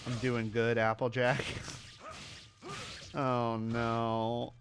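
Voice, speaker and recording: A man's voice: medium pitch, takes it slowly, over music. A man with a mixed Southern US and New York accent, giving casual, swearing, laughter-filled commentary while playing a game. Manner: animated, profane, laughs often. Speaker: streamer.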